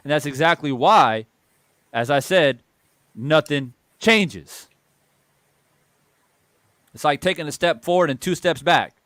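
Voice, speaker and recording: A man's voice: on the high side, takes it slowly, long pauses, fairly bright tone, no echo. A man hosting a boxing channel, delivering a heated opinion monologue and repeating phrases for emphasis.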